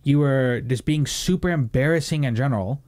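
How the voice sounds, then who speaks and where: A young man hosting a casual podcast chat, talking in a rambling, animated way with plenty of swearing and fillers. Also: medium pitch, normal speed. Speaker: podcast host.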